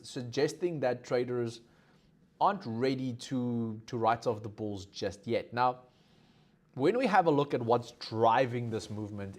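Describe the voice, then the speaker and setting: South African man giving live market commentary. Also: mid-range voice. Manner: conversational, lots of fillers, asks viewers for comments. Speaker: market analyst host.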